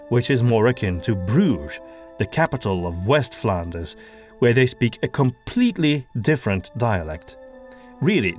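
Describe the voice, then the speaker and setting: A man from Belgium explains how he made his audio drama, with dry touches of humor. His pitch moves in a lively way. Soft music plays quietly underneath. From Belgium (Antwerp). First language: Flemish. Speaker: audio drama creator and voice actor. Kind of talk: behind-the-scenes commentary.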